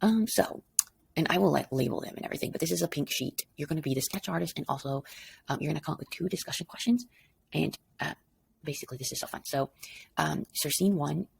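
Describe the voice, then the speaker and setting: Woman teacher, recorded lesson, very husky, rambling, tired. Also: low-pitched, quick pace. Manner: rambling and casual, checking in with "okay?". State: tired, up before dawn. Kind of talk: recorded lesson explaining an assignment.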